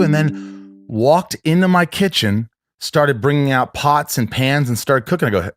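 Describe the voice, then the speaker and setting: A man's voice: mid-range voice, animated, dry recording. A man tells a personal story in loose, casual talk. He rambles, stops short and starts his sentences over. The sound is close and dry, with no room around it. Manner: rambling, halting, with many restarts.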